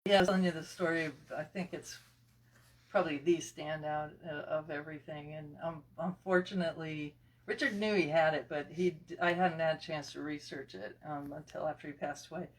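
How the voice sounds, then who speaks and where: A man's voice: a little high, fairly even intonation, brisk, far from the mic. A man speaks through a face mask, so his words come out muffled. He rambles, restarts and scatters fillers as he talks. His voice sits a little away from the microphone. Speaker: collector and estate seller. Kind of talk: casual interview chat.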